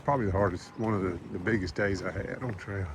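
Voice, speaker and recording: A man narrates his hike into a handheld camera. He rambles and chuckles to himself as he walks along the trail. Outdoor noise sits clearly behind him. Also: sits low, steady tone, quick pace. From American South. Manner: rambling, chuckling, talks to himself while walking. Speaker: thru-hiker vlogger. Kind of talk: casual trail vlog narration. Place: outdoors on a mountain hiking trail.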